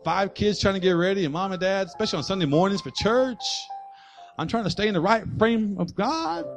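A man's voice: high-pitched, lively intonation, brisk, faint music behind. A man preaching a sermon as pastor, with rising and falling emphasis and acted-out voices.

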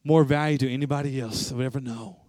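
A man's voice: medium pitch, fairly even intonation, quick pace, darkish tone, no room sound, studio quality. A male pastor giving an earnest sermon and altar call, pleading with listeners. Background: faint music.

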